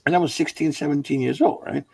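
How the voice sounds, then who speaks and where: A man's voice: on the high side, fast talker, gravelly, a little mellow, husky. A middle-aged man, a stand-up comedian, telling rambling, profane stories in casual conversation. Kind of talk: casual podcast chat.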